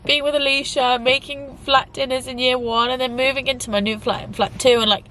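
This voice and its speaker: Young woman, casual vlog talk, rambling, many fillers, slightly high, faint traffic noise. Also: little pitch movement, brisk, a bit bright. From England. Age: young adult. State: tearful at times. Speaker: YouTuber.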